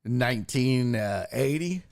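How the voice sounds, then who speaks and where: A man's voice: medium pitch, animated, measured pace, gravelly. A man hosting a sports podcast, telling a loose, profane road story. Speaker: sports podcast host and comedian. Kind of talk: casual storytelling.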